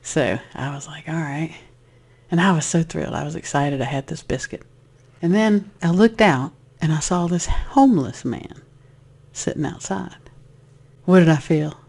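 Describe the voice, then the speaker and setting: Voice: medium pitch, moderate pace, vocal fry, slightly rough. A spiritual speaker telling a personal story in a casual way, rambling with restarts and acting out voices. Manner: animated, acts out voices in the story.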